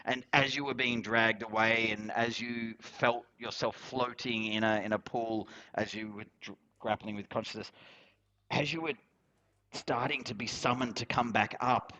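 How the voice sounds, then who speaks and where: A man narrates a tabletop role-playing session as its game master. His tone is bright and clear, and he rambles, pausing and restarting as he hunts for words. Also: medium pitch, steady tone, muffled recording. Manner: rambling, halting, with fillers and laughs.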